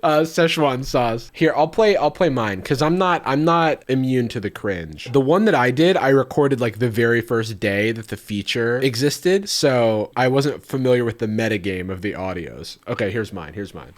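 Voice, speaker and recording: A man's voice: medium pitch, moderate pace, hardly any pauses. Wry man reacting to clips. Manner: wry, animated, mocking quotes. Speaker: YouTube host. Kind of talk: casual reaction commentary.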